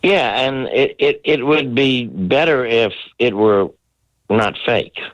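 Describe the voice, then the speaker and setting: A man's voice: medium pitch, takes it slowly, dry recording. Blunt man on a dull dry line. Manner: blunt, opinionated. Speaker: political commentator guest. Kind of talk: radio talk show discussion.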